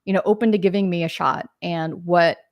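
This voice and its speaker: Chatty woman with a low voice. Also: steady tone, a little fast, no room sound, dull audio. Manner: chatty, rambling with tangents and fillers. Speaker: podcast guest, games marketer. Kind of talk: casual interview storytelling.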